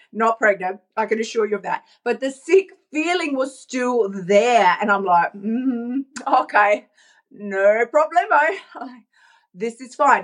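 A woman life coach giving a casual, animated motivational talk into her phone, chatting and laughing often. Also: mid-range voice. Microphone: talking into her phone.

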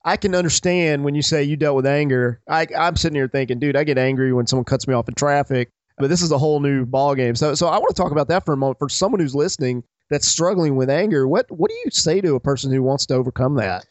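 A man's voice: on the high side, quick pace, few pauses, dry recording. A man hosting a podcast interview, asking eager, thought-out follow-up questions. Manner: eager, thinks aloud with small restarts. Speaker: podcast host. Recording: dry, dull lo-fi audio.

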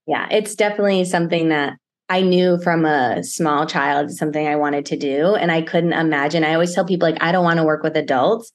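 A woman in her thirties speaks as a school counselor guest, explaining things calmly and with care. Her voice sits somewhat low for a woman. She answers in a casual, conversational way. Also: fairly quick. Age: 30s.

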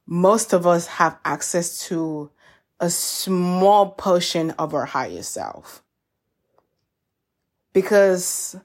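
A woman hosting a self-help podcast, talking in a gentle, encouraging way and calling her listeners y'all. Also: fairly low pitch. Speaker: podcast host. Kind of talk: reflective self-help talk.

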